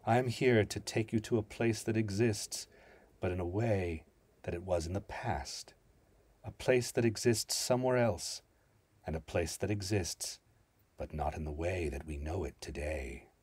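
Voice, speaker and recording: A man voicing a ghostly woman spirit, tender yet vengeful, speaking softly and in riddles in a dramatic story reading. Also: low-pitched, breathy edge, no room sound. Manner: soft, measured, riddling.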